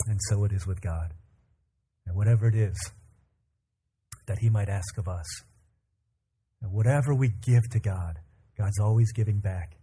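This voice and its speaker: A pastor delivering a sermon, a man with a fairly low, mellow voice. He tells a family story calmly, slipping into the lines of the people in it, then moves into leading prayer. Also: normal speed, pauses often, a little hiss or hum. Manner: calm storyteller who acts out family dialogue.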